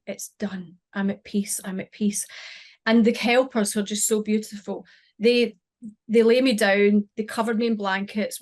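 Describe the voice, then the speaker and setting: A middle-aged woman, a podcast guest, recounting a personal experience in an emotional, halting way with many restarts. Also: a little high. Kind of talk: personal storytelling.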